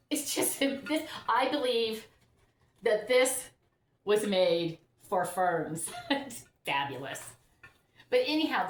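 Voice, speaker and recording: Casual, rambling, and full of laughter, a middle-aged woman talks about her houseplants from a home full of greenery as she recovers from illness. Her voice is mid-range, with a roomy sound and slight background noise.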